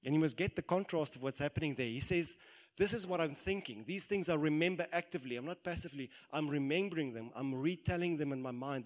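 A man in his thirties preaching a sermon, animated, acting out quoted lines and swelling into loud exhortation. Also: a little high.

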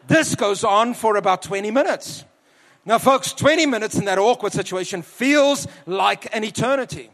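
A man preaching a sermon to a church, telling a personal story and slowing down for emphasis. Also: high voice, lively intonation, fairly bright tone, big-room sound. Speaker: preacher, university leader.

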